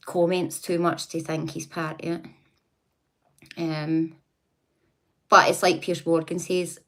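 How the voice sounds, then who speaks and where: A woman hosting a casual livestream, chatting, laughing often and talking back to her viewers. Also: sits low. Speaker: livestream host.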